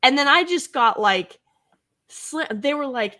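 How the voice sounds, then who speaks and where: A woman from the American Midwest co-hosts a casual podcast chat in a bright, expressive voice at a measured pace. She tells stories with bubbly energy, laughs often, and her voice swoops up high when she gets worked up.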